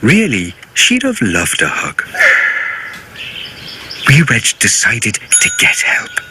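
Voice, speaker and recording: A man narrating a children's cartoon story in a gentle, playful and sing-song way, with loud music playing behind. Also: mid-range voice, wildly swooping pitch, slow pace, noisy background.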